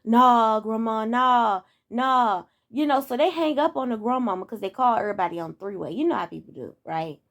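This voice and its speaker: Talking straight to her viewers, this twenty-something vlogger vents in an exasperated, repetitive monologue peppered with rhetorical questions. Her mid-range, gravelly voice is animated and fast with few pauses, recorded dry at studio quality.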